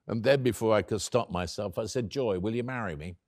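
A man's voice: on the low side, darkish tone, lightly acted. An actor playing an elderly male author, telling the story of his late love in the first person, wry and tender, acting out both sides of the conversation. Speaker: actor in a one-man stage play.

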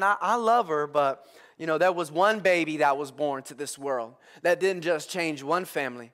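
A young man preaching a sermon in church, telling comic family stories with lively call-outs to the congregation. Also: a little high, normal speed. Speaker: pastor. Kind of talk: humorous sermon. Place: church service with live congregation.

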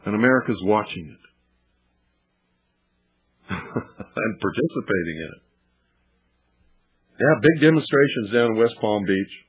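A man's voice: mid-range voice, slightly rough. A man hosting political talk radio, lecturing indignantly and firing off rhetorical questions. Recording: tinny lo-fi archived radio broadcast.

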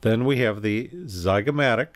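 A man giving a recorded anatomy lecture, calmly explaining and pointing through slides with occasional self-corrections. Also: mid-range voice, normal speed. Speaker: anatomy instructor.

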